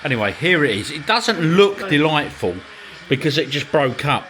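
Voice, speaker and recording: Chatty, lively English man vlogging. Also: fairly high pitch, moderate pace, a little hiss or hum, poor audio. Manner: chatty and jokey, addresses viewers as people. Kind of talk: casual vlog talk to camera. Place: outdoors on a town street and in a pub.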